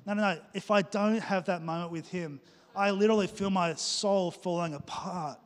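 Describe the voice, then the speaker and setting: A male pastor, preaching a lively sermon and joking as he acts out little scenes for the congregation. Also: high voice, moderate pace. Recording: reverberant church hall.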